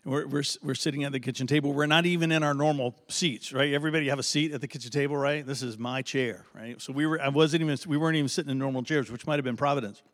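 A middle-aged male pastor telling a story in a sermon, animated and conversational, often asking his audience "right?". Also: mid-range voice, fast, few pauses. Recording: long hall reverb.

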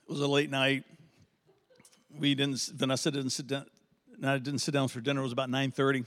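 A middle-aged male pastor telling a story in a sermon, animated and conversational, often asking his audience "right?". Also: mid-range voice, fairly quick. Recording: long hall reverb.

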